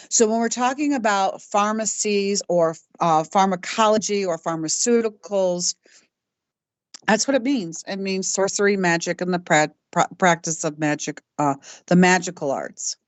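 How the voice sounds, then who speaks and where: A woman hosting her own talk show, speaking in a halting way with frequent restarts, who calls herself stoic. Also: medium pitch, dry recording. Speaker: host. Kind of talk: personal talk show monologue.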